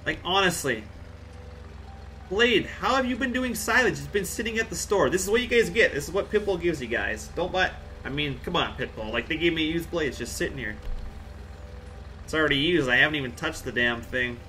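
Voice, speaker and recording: A man's voice: on the high side, expressive, fairly quick, sharp tone, slight background noise. A man from Central Alberta chatting casually on a live game stream, answering chat with jokey asides. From Central Alberta, Canada. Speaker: game livestreamer.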